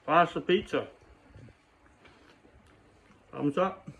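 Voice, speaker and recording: Gravelly-voiced man joking through a cooking vlog. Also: fairly high pitch, extremely slow, a bit bright, poor audio. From England. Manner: joking, self-mocking, talks to his dogs. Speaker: cooking vlogger. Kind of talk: casual home cooking vlog.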